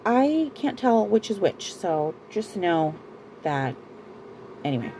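Out of breath and warm-toned, this woman from Southern California talks slowly through a casual beauty and clothing haul, her mid-range voice swinging widely in pitch. She's chatty and rambling, interrupts herself often, and laughs a lot. The low-quality recording has some hiss or hum.

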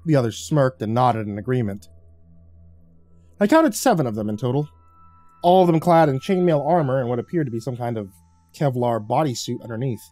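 A man narrating a horror story in a dramatic, expressive way. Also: medium pitch, a little fast, no room sound, soft background music.

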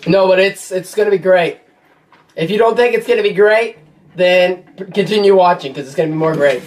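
A man's voice: sits high, fairly quick. Rambling, jokey young guy host. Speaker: co-host of a comedy channel. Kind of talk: goofy casual chat to camera.

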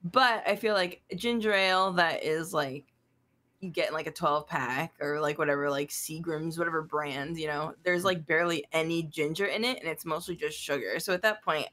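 A woman's voice: deep voice, moderate pace, fairly bright tone. A woman guest with an upset stomach, chatting casually in a wry, slightly dramatic way. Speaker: guest voice reader. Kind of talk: casual chat.

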